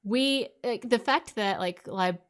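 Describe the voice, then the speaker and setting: A woman's voice: fairly high pitch, takes it slowly. A woman co-hosting a podcast, talking in an emphatic, ranting way with lots of "like" in casual chat. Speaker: podcast co-host.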